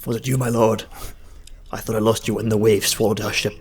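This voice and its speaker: Guy doing his dying soldier voice, feeble and breathy. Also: lowish voice, level tone, a little fast, faint music behind, natural voice. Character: dying male soldier, weak and loyal.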